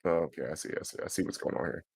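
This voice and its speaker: A man's voice: very fast, a little mellow, no echo. A man streaming, chatting casually, swearing freely and sounding out foreign words syllable by syllable. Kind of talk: casual livestream chat.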